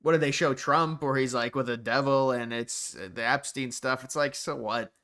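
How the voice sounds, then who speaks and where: An American man hosts a casual livestream, answering chat messages as they come in. His voice has a bright edge, and he thinks out loud in loose, rambling commentary. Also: mid-range voice, steady tone, normal speed. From United States. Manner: rambling, thinking aloud with frequent restarts. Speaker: livestream host.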